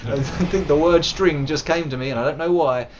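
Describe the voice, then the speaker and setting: A British man in his thirties giving live commentary while he plays, self-mocking and swinging from loud outbursts to low mutters. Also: moderate pace. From United Kingdom. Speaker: streamer. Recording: muffled with steady background hiss.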